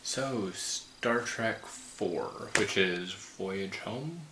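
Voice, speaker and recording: A man's voice: on the low side, drawn-out words, background noise. A tired man in a casual film chat, hesitant and often searching for the right word. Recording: roomy echo.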